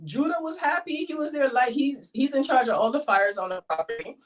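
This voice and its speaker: A middle-aged woman from the United States talks as an interview guest and tells her story animatedly. She acts out what people said along the way. Her voice sits on the higher side and sounds a bit distant from the mic. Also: animated, a little fast. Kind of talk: casual interview.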